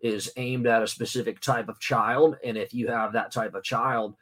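A man's voice: mid-range voice, fairly even intonation, moderate pace, fairly bright tone. A man talking casually to camera about his son, rambling with many fillers and restarts. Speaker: father and vlogger. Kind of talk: casual talking-head vlog.

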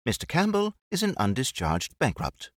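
A man voicing a poised, teasing woman who talks in a brisk, dry, mocking way. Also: mid-range voice, huge pitch swings, no room sound, pitched above the performer's own voice.

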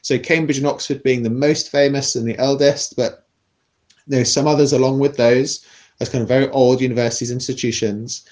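A man with a posh British accent explaining a topic in a thoughtful, measured podcast conversation, often restarting his sentences. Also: mid-range voice, steady tone, darkish tone. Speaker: podcast guest explaining class.

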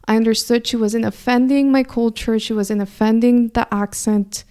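Brief: young woman, slight Mexican Spanish accent, higher-pitched, smooth clear voice, earnest motivational storyteller. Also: steady tone, moderate pace, dark tone. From California. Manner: earnest, thoughtful, frequent restarts. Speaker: speaker.

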